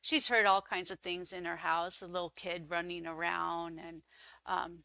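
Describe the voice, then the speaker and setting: A woman who is a guest on an interview show, telling her stories casually and acting out the quoted voices with big jumps in pitch. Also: level tone, normal speed, vocal fry, bright, forceful tone, dry recording.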